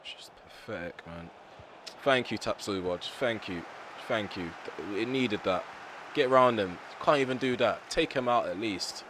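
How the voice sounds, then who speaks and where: A young man commentating his own football video game, ranting bluntly at his players with a voice going hoarse. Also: fairly low pitch, measured pace, background noise. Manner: frustrated, ranting, blunt with mild swearing. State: voice getting hoarse. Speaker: gaming YouTuber. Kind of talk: live gameplay commentary.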